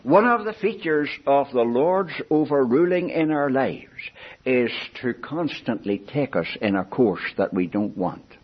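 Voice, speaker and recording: An older male preacher delivers a sermon with a husky, slightly rough voice. His pitch climbs and drops widely as he pleads with his listeners. The recording is dull and lo-fi. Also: lively intonation, measured pace. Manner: earnest, pleading, rises and falls in pitch and loudness.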